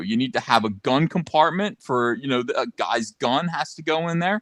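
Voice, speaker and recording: Man, podcast co-host, casual rant, sarcastic, average pitch, dry sound. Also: normal speed, no echo. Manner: loud, mocking and animated, with sarcastic asides. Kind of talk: casual ranting commentary.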